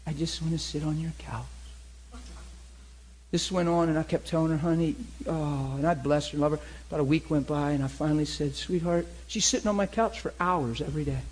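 A middle-aged man preaching, telling a story with animated acted-out dialogue. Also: on the high side, fast, hardly any pauses, poor audio. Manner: animated, acts out both sides of dialogue. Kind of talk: sermon storytelling.

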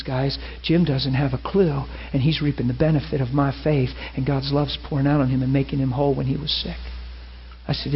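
Gravelly preacher man telling a story. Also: mid-range voice. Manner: animated, acts out dialogue, laughs and cries while telling. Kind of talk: sermon storytelling. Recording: muffled lo-fi recording with faint hiss.

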